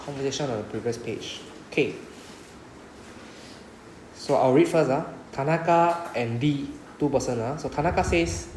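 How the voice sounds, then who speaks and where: A man's voice: medium pitch, moderate pace, a little mellow, roomy sound, a little hiss or hum, poor audio. A man with a Singaporean English accent, teaching a Japanese class and explaining patiently, often checking with "right?". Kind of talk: classroom lecture.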